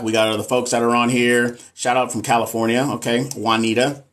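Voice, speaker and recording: A man's voice: medium pitch, little pitch movement, normal speed, few pauses, a bit bright. Chatty Southern man hosting a livestream. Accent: Texas Southern. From American South. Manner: chatty, candid, reads comments aloud. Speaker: nurse and livestream host. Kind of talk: casual livestream chat reading comments.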